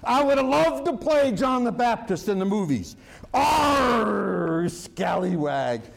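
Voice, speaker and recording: A pastor with a very high-pitched, expressive voice preaches a sermon at normal speed. He's a humorous preacher who weaves jokes and stories into his teaching and draws out key words for emphasis.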